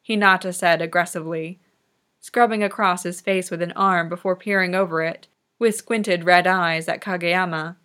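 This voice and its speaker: A woman reading fan fiction aloud in soft, unhurried narration. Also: fairly low pitch, steady tone. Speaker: reader.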